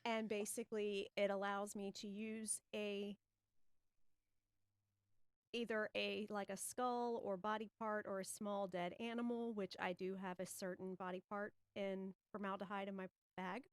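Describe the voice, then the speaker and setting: A woman's voice: mid-range voice, level tone, measured pace, smooth, no echo. A woman player explaining her moves in a tabletop game in a casual, matter-of-fact way.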